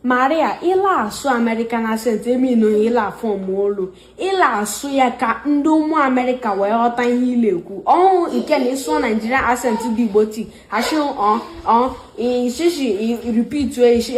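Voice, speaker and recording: A woman's voice: fairly high pitch, roomy sound, slight background noise. A woman in a casual debate, talking insistently and mixing Igbo and English.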